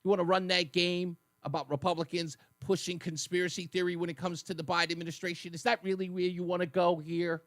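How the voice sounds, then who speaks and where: A male radio host riffs through a combative political monologue, sarcastic and mocking. His voice sits high for a man and comes across dry and close in the studio, with a faint electrical hum underneath. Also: level tone, fast talker, few pauses, fairly bright tone, dry recording. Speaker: radio talk show host.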